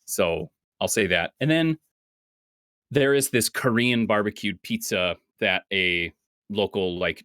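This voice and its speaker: A man co-hosting a casual chat show, rambling and animated, swearing freely as he jumps between topics. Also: deep voice, no echo, studio quality. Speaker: podcast co-host.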